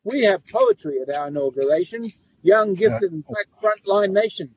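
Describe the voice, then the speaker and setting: High-voiced man reciting spoken word. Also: big pitch swings, normal speed, creaky, highs cut off, slight background noise. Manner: rhythmic rhyming delivery. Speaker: open mic poet. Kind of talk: spoken word poetry reading.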